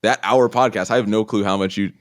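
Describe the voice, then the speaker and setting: A young man talks loosely in an interview, sounding low and dry with almost no room around him. He rambles through filler words and acts out quoted lines with a livelier edge. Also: quick pace, no room sound. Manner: rambling, filler-heavy, animated in quoted bits. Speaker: guest, guitar YouTuber. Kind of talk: casual interview chat.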